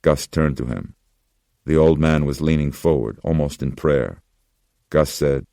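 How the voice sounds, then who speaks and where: Man, horror audiobook narration, very deep, dark mellow tone. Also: unhurried, creaky, no room sound, studio quality.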